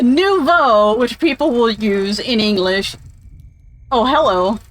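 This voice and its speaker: A woman's voice: high voice, fairly bright tone, poor audio. A woman giving casual, rambling gameplay commentary, chatty and opinionated, drifting off into tangents and swearing offhandedly. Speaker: game streamer.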